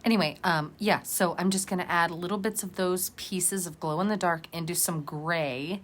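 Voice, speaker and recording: A woman's voice: fairly low pitch, moderate pace, slight background noise. A woman vlogger narrating a casual crafting tutorial in a rambling, chatty, self-deprecating way.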